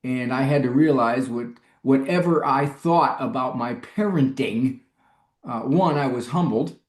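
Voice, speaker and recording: A man's voice: a little slow, reverberant. A middle-aged man, a psychologist, telling humorous stories in an interview and acting out quoted voices. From United States. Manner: humorous, acts out quoted voices with big pitch jumps. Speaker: clinical psychologist and guest. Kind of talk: animated storytelling interview.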